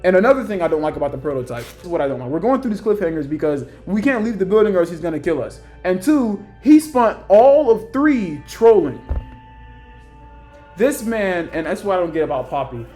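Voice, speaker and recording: A young man ranting casually about characters he would put on a list, rambling and acting out quoted lines in higher voices. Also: big pitch swings, fast, hardly any pauses, a little mellow, soft background music. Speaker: YouTuber ranking characters.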